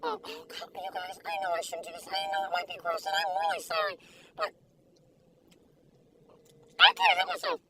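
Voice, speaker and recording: An older woman gushes and giggles through a casual food review, her voice gravelly and swinging widely in pitch. She sits in her car, a little away from the mic, with faint vehicle noise behind her. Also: wildly swooping pitch, moderate pace, pauses often, sharp tone, far from the mic, low-quality recording. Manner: gushing, giggly, exclamatory. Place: inside a parked car.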